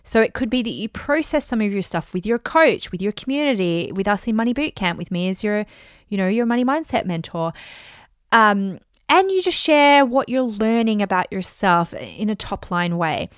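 A woman's voice: mid-range voice, moderate pace, smooth, dry recording, studio quality. Chatty woman coaching on money mindset. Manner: chatty and animated, acts out dialogue in bright voices. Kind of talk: casual teaching monologue.

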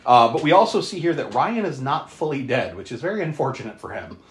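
A podcast co-host recapping a horror movie in casual chat, animated and profane, often laughing. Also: fast talker. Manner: animated, profane, laughing, with sudden pitch jumps. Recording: roomy echo.

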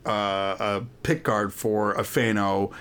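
A man's voice: lowish voice, level tone, slow pace, fairly bright tone, clean tone. A man in his thirties co-hosting a podcast, telling rambling stories in casual chat, full of "like" fillers. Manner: rambling storyteller, lots of "like" fillers, quotes his kids. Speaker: podcast co-host.

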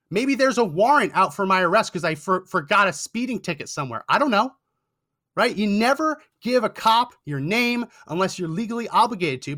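A man's voice: sits high, fairly bright tone. A young man hosting a talk show, telling a story with indignant sarcasm. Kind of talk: storytelling commentary.

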